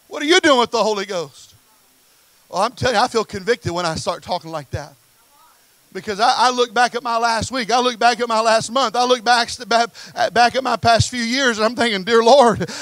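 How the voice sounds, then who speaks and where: High-voiced impassioned preaching man. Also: fairly bright tone, no room sound, low-quality recording. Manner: impassioned preaching, hammering repeated questions. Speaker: pastor. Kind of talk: Pentecostal sermon. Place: church service.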